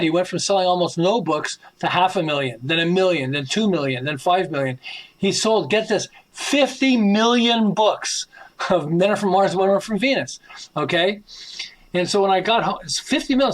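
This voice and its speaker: Man, high voice, author interview guest, animated storytelling, acts out dialogue, chuckles. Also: moderate pace, rough recording.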